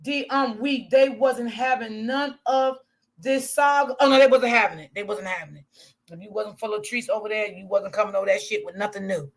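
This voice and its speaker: A woman hosts a casual livestream, talking candidly to her chat, swearing freely and laughing often. Her mid-range voice is creaky, and she speaks a little fast.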